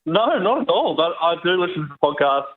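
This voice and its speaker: A man on a phone call to a comedy podcast, telling his side in an animated, laughing way. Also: fairly high pitch, a little fast. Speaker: guest on the phone. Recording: tinny phone line.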